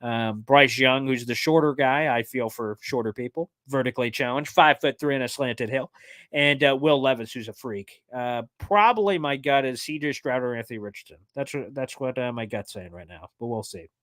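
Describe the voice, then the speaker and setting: A man hosting a casual sports livestream, answering fan questions in an excitable, jokey way with plenty of fillers. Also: medium pitch, no room sound, studio quality. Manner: excitable, jokey, fast-talking with many fillers. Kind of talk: casual live chat reading fan questions.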